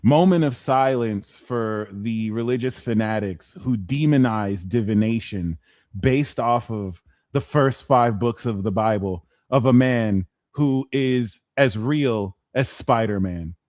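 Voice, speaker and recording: A man hosting a live tarot card reading, talking in a playful, slangy, animated way. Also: medium pitch, takes it slowly. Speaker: tarot reader.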